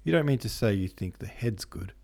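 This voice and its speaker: A man's voice: on the low side, expressive, fairly quick, gravelly, darkish tone. A man voicing a dramatic, opinionated young male art student who argues emphatically. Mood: argumentative. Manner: assertive, emphatic.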